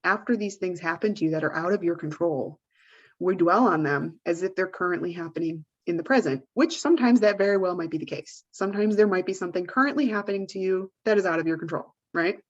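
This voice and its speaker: Chatty low-voiced woman podcast co-host. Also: quick pace, highs cut off. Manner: rambling, full of "like" and "you know". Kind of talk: casual advice chat.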